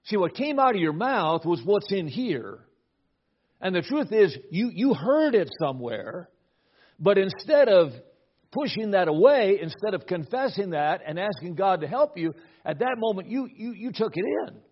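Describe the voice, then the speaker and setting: A man's voice: sits high, very animated, moderate pace, husky. A middle-aged man preaching a sermon, telling a family story with repeated words at the start of phrases. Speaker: pastor. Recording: dull lo-fi recording.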